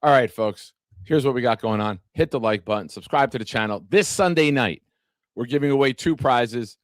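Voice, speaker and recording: A man's voice: mid-range voice, moderate pace, dry recording, clean studio sound. A man hosting a casual live-streamed sports talk show, chatting with viewers by name and reading from an article. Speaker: podcast host.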